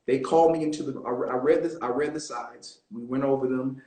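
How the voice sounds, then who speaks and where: A man being interviewed as an actor on a live video call, telling stories in a relaxed, animated way with plenty of fillers. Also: medium pitch, a little fast, roomy sound, poor audio. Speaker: guest actor. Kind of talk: casual interview storytelling.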